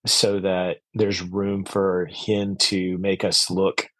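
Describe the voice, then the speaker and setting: A man's voice: sits low, completely flat delivery, takes it slowly, a bit bright, dry recording. A man speaking as a podcast guest, earnest and reflective, with frequent fillers and restarts. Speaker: podcast guest, orchard owner. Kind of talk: conversational interview.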